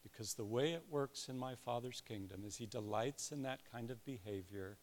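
A man's voice: mid-range voice, normal speed, slight background noise. An older man preaching a sermon in a conversational way, with self-deprecating asides and personal stories. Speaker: pastor.

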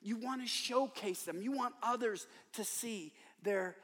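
A man's voice: high voice, unhurried, fairly bright tone, big-room sound. An older man preaching a sermon in a large church, telling stories with humor and emphasis. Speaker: conference speaker and author.

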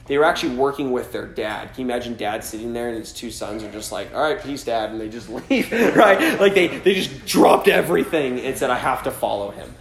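A male pastor delivers a sermon in a chatty, easygoing way, at an ordinary middle pitch. He keeps checking in with his listeners and slips into quick acted voices for the people in the story. The sound carries the echo of a roomy space. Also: expressive. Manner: casual preaching, frequent "right?", acts out voices with laughs. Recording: echoey room.

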